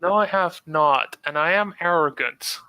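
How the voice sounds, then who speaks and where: A man playing a tabletop role-playing game, joking and unhurried. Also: on the high side, bright, forceful tone, smooth. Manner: playful, unhurried, joking in character. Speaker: player. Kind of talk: casual chat at a game table.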